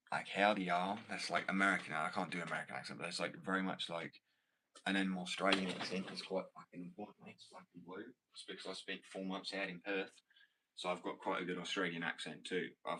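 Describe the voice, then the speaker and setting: A man's voice: deep voice, sharp tone, slightly rough, poor audio. A man from Wales, rambling in casual chat, swearing and calling people bro.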